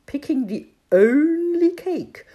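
Woman reading a storybook, slow and lively. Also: high-pitched. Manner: lively, expressive.

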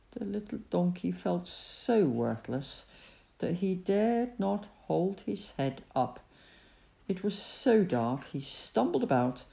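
A woman reading a children's Christmas storybook aloud in an expressive, dramatic way. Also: fairly low pitch, creaky.

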